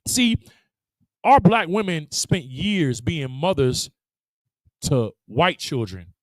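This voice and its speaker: A man teaching a congregation, animated and laughing as he acts out voices. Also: on the high side, slow pace, no echo, poor audio. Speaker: religious teacher. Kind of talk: lively preaching to a congregation.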